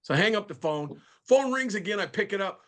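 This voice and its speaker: A man joining a video call as a guest, telling a funny story casually. He acts out the people he quotes with lively shifts. His voice sits slightly high. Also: fairly quick.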